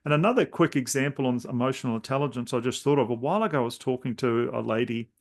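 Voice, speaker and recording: A podcast host with a mid-range voice talks fast, telling stories in a loose, rambling way and restarting his sentences often.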